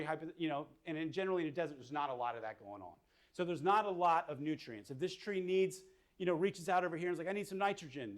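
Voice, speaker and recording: Fairly high-voiced male counselor, relaxed lecture style, talks through ideas as he sketches. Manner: casual, thinking aloud with fillers. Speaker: mental health counselor. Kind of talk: whiteboard lecture.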